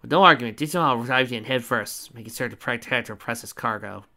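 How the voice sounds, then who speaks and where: A man's voice: mid-range voice, brisk, bright, forceful tone. A man reading fan fiction aloud in a casual way, with small stumbles and joking asides. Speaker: fanfiction reader.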